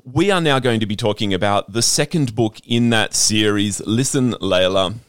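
A man's voice: lowish voice, normal speed, clean tone, dry recording, clean studio sound. An Australian man hosting an interview over a video call, enthusiastic and restarting often. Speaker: podcast host. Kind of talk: interview host.

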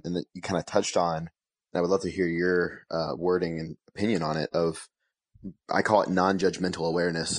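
Deep husky male podcast host. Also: dry recording, clean studio sound. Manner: measured, reflective, uses fillers. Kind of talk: interview conversation.

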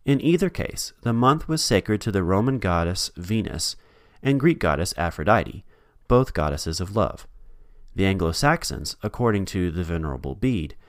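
A man's voice: deep voice, dry recording, clean studio sound. A man hosting a podcast, reading a scripted history narration with wry, joking asides. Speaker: podcast host.

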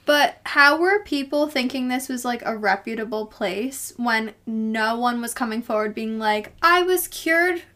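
A woman co-hosts a casual true crime podcast with a somewhat high voice. She reacts with drawn-out exclamations and a little swearing as she listens to the story. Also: fairly even intonation, pushed and bright.

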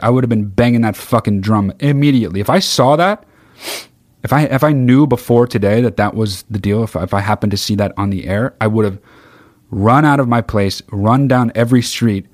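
A man's voice: on the low side, no echo. A man hosting a podcast in a rambling, sarcastic comedic monologue, swearing constantly. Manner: sings mock-solemn snatches of songs. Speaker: podcast host.

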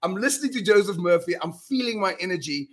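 A middle-aged man speaking as a guest on an interview podcast. He talks in an emphatic, earnest way, with quick restarts and repeated words. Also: sits high, lively intonation, fairly bright tone. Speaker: guest speaker on mind power. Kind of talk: animated storytelling in a podcast interview.

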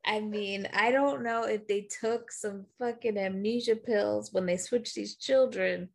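A woman's voice: medium pitch, steady tone, measured pace, gravelly. A woman co-hosting a podcast, chatting bluntly about a movie and swearing freely. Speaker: podcast co-host. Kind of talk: casual chat recapping a movie.

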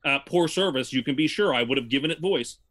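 A man's voice: medium pitch, quick pace, a bit bright. A man co-hosting a podcast in casual chat, talking in a mock-grandiose, wordy way about himself. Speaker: podcast co-host.

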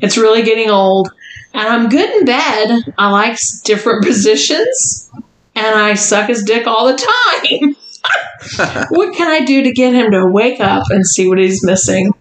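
A woman's voice: a little high, animated, measured pace, echoey room, rough recording. A woman doing a put-on New Jersey accent as an annoyed young woman writing in, read out in an exaggerated comic voice. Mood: exasperated.

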